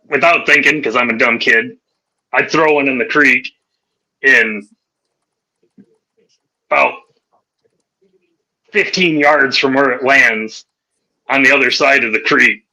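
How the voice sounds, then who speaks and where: A man's voice: mid-range voice, sharp tone, rough recording. A man hosting a podcast, telling profane, rowdy anecdotes in casual chat and laughing through them. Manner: laughs through his stories. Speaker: podcast host.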